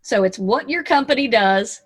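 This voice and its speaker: Woman, middle-aged, Southern US accent, radio DJ, motivational presentation, folksy, chatty, playful, slightly high voice, video call. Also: expressive, normal speed. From Arkansas, USA. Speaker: radio DJ giving a business talk.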